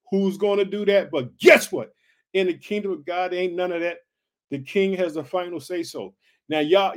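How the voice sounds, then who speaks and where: Excited high-voiced male podcast preacher. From United States. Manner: excited, repeats "guess what" and "did you hear that". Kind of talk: energetic podcast sermon. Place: home podcast setup in Chicago.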